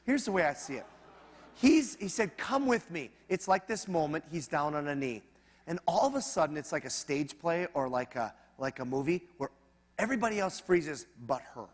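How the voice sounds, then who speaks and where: A man preaching a sermon as pastor, in a conversational, animated manner with humorous asides. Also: fairly high pitch, normal speed, long reverb tail.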